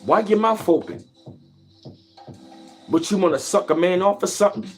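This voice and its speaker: A man's voice: sits high, moderate pace, faint music behind. A man talking boastfully in a casual vlog monologue. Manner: boastful, animated street talk with repeated slang. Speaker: vlogger.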